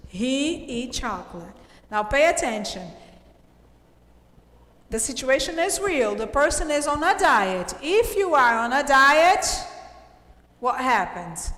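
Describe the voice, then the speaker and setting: A high-pitched woman teaches an English review, speaking slowly and patiently. She encourages her students between explanations. Her voice rings in an echoey room with a long reverb tail. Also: a bit bright. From Brazil. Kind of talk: online class quiz review.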